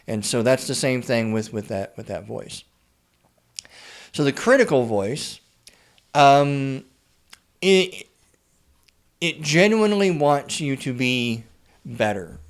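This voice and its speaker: Guy talking straight at you, blunt and sweary, keeps stammering and repeating words, middle-pitched voice. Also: animated, slow pace, long pauses. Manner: frequent stammered word repeats. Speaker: writer and therapist. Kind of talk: casual advice monologue.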